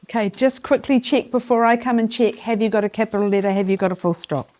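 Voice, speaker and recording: A woman teaching a primary school spelling lesson in a classroom, speaking clearly and encouragingly as she gives instructions and counts the class in. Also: a little high, fast, darkish tone. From New Zealand.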